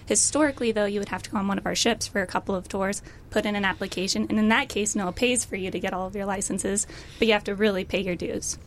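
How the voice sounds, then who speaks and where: A young woman, hoarse from losing her voice, answering interview questions in an upbeat way and laughing often. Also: mid-range voice, steady tone, quick pace, slight background noise. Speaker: guest pilot. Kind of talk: casual interview chat.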